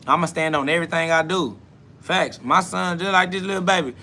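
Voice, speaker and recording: Blunt, bright-voiced man preaching on a live podcast. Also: a little high, brisk, slight background noise. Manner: blunt, profane, preachy, repeats "facts"; answers chat comments aloud. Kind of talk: live self-talk podcast monologue.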